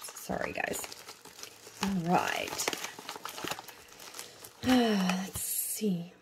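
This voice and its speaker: A woman's voice: lowish voice, unhurried, noisy background. Gushing woman budgeting vlogger. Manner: gushing and excitable, with many ums. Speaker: budgeting channel host. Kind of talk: casual unboxing vlog.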